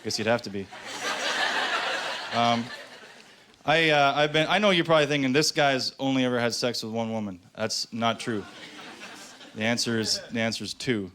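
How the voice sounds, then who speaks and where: Male stand-up comic from Canada, mid-range voice, deadpan delivery, live club set with faint room noise. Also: mid-range voice, normal speed, pauses often. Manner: deadpan storytelling with acted-out voices. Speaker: stand-up comedian. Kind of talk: stand-up comedy routine. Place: comedy club stage with a live audience.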